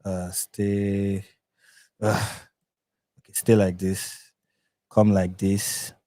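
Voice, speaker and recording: A man's voice: lowish voice, flat delivery, drawn-out words, warm tone, no echo, clean studio sound. A man with a Nigerian accent hosting a live reaction stream, talking in an exasperated, repetitive, emphatic way. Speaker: reaction channel host.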